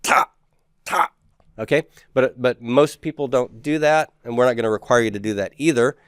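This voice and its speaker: In a classroom lecture, a man teaching Hebrew moves briskly in a smooth, mid-range voice, drawing out letter sounds and slipping in jokes. The sound is clean studio quality with no echo.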